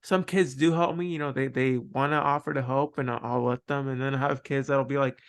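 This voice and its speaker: A man hosting a podcast, talking casually and haltingly, often restarting his sentences. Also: mid-range voice, fairly even intonation, gravelly. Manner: halting, loose storytelling with many repeated starts. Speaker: podcast host. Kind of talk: casual conversational interview.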